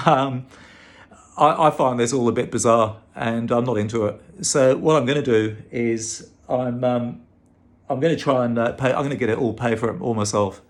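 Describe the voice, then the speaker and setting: A man's voice: mid-range voice, normal speed. A man with a British-sounding Australian accent, talking casually to camera in an exasperated, emphatic way with frequent restarts. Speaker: vlogger and advocate for infected blood victims.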